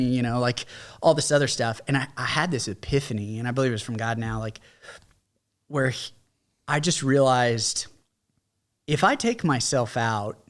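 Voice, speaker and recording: A man's voice: medium pitch, brisk. Male podcast guest, middle-aged veteran, frank conversational storyteller. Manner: candid, conversational, mimics others in quoted lines. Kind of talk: casual storytelling.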